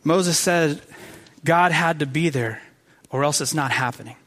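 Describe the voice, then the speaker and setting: A man with a noticeably high voice gives a relaxed, talky sermon. He speaks with eager enthusiasm, often stumbling over and repeating his words. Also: a little slow. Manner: conversational, enthusiastic, many fillers and repeats. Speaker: preacher. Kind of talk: casual sermon.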